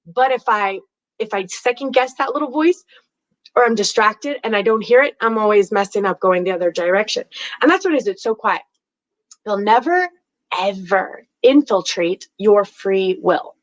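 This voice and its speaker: A woman hosting a live stream, telling stories in a chatty, animated way and giving psychic readings to callers. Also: medium pitch, normal speed, no echo, lo-fi sound. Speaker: host and psychic reader.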